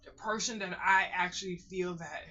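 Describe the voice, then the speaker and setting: A woman's voice: fairly low pitch, steady tone, moderate pace, sharp tone, lo-fi sound. A middle-aged woman in pain, giving emphatic, repetitive life advice to her viewers in a casual vlog monologue. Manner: emphatic, repeats phrases, calls viewers "boys and girls" and "honey". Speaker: vlogger.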